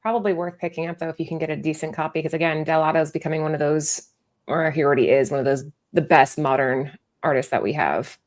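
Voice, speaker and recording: A woman's voice: low voice, fairly even intonation, fast. A woman co-hosting a comic sales show, chatty and joking as she talks. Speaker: co-host. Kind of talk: casual chat about comic prices.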